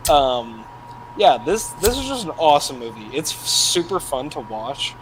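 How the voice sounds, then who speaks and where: A man's voice: a little high, big pitch swings, unhurried, a little hiss or hum, poor audio. A man co-hosting a casual film podcast, chatty and full of "like". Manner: chatty, peppered with "like". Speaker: podcast co-host.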